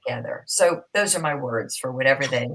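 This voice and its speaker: Emotional middle-aged woman, low voice. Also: brisk, a little hiss or hum, rough recording. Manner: heartfelt, emotional, slips into a soft whisper. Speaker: panel guest. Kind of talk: personal storytelling on a podcast panel.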